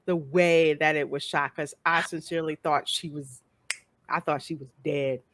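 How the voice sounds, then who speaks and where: A woman's voice: sits low, steady tone, moderate pace, a little hiss or hum. A woman hosting a casual show, chatting animatedly about a TV episode and acting out how the audience reacts. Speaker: host reviewing a TV episode. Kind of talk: casual chat.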